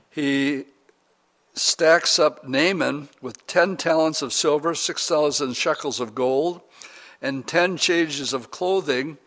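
Man, preacher, sermon, casual storytelling, slangy, slightly high voice. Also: fairly bright tone. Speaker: pastor. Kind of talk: sermon, retelling a Bible story.

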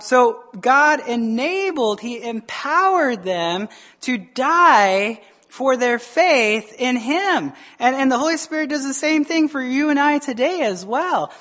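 Male pastor, lively preacher, jokes, quizzes the pews. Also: very high-pitched. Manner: animated, joking, quizzes the congregation. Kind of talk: sermon. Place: church service.

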